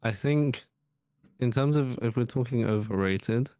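A man's voice: medium pitch, a little slow, warm tone, no room sound. A young man co-hosting a podcast, easygoing and laid-back. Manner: easygoing, laid-back, says mate and bro. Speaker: podcast co-host. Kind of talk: casual chat.

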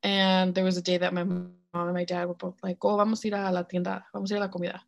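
Speaking rapid-fire in a lowish, creaky voice with a completely flat delivery, a woman co-hosting a podcast tells a personal story. It's frank and blunt, full of swearing and fillers, with other-language phrases mixed in mid-sentence.

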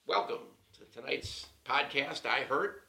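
A man's voice: medium pitch, measured pace, gravelly, pushed and bright, reverberant, far from the mic, faint music behind. A man hosting a faith podcast from his living room, chatting casually and bantering with a playful laugh. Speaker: podcast host. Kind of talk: casual chat.

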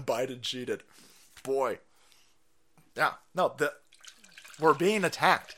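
A man hosts a livestream and rants with a lot of swearing and laughter. His pitch swings wildly, with low grumbles giving way to high, shouted bursts. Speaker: live stream host. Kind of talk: profane political rant on a livestream.

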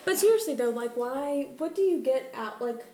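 A young woman co-hosting a podcast in casual chat, supportive and quick to laugh. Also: sits high, animated, warm tone. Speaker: podcast co-host. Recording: echoey room with faint noise.

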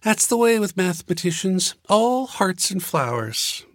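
A man's voice: sits high, very animated, unhurried, fairly bright tone, no room sound, pitched above the performer's own voice, heavily acted. A man voicing a cool, sarcastic young woman mathematician who teases dryly and stays unbothered. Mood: mocking. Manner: dry, teasing, unbothered.

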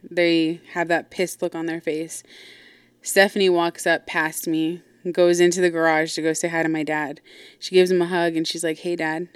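A woman's voice: on the low side, clear, resonant tone, no room sound. A woman host telling a personal story casually, blunt and profane, with lots of asides. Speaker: podcast host.

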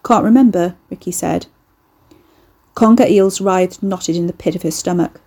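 A woman reading a novel aloud as audiobook narrator, measured and even. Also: lowish voice, creaky, slightly rough. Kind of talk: scripted narration.

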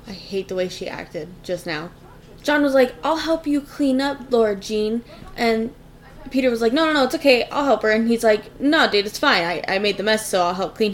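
A young woman co-hosting a podcast, reacting to a movie in a brash, profane, mocking way. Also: fairly high pitch. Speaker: podcast co-host. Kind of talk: casual movie-reaction chat.

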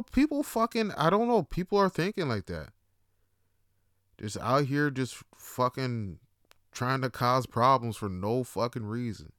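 A man rambles through a story, cursing freely and piling on fillers. His voice is smooth and resonant, of middle pitch, and it is recorded close and dry with no room echo. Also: fairly bright tone. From Toronto. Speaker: podcast host. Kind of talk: casual monologue.

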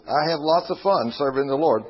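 Husky guy hosting a christian talk show, folksy, keeps saying praise the lord, muffled audio. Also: on the high side, brisk. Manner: folksy, exclaims praise often.

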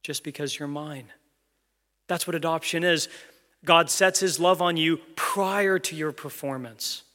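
Earnest pastor preaching in an echoing church. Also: male voice, a little high, a little slow, bright, forceful tone. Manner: earnest, conversational, asks the congregation questions. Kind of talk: sermon. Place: church sanctuary.

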